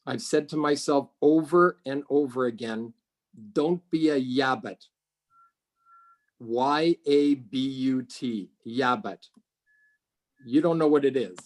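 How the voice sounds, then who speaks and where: A middle-aged man from Canada, a realtor being interviewed, telling stories in a conversational way and acting out quoted voices with big jumps in pitch. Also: slow, long pauses. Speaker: realtor guest.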